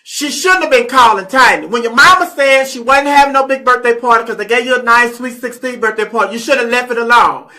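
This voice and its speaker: A comedy show host spins a gossip story in a chatty, sassy way and slips into the voices of the people involved. The voice is bright and has some edge, and the pitch sits in the middle. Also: fast talker, few pauses.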